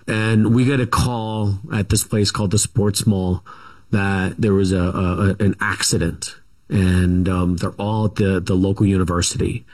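A middle-aged man being interviewed as a guest, telling a family story in a rambling, halting way with many asides. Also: deep voice, level tone, darkish tone.

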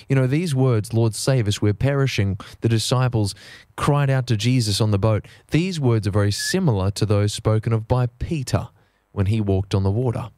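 A man preaching a sermon in an earnest, measured way, slowing down to stress key phrases. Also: fairly low pitch, a little mellow, no echo, studio quality. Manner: earnest, measured, slows down for emphasis.

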